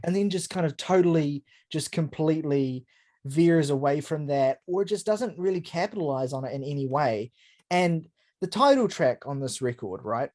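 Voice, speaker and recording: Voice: mid-range voice, animated, normal speed, a little mellow. A podcast co-host in casual album review chat, talking in an emphatic, rambling way with blunt swearing.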